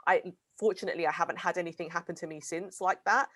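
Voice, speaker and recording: A woman's voice: lowish voice, fairly even intonation, quick pace, a bit bright, dry recording. A British woman co-hosting a casual discussion, speaking hesitantly with many fillers like "sort of" and "kind of". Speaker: co-host.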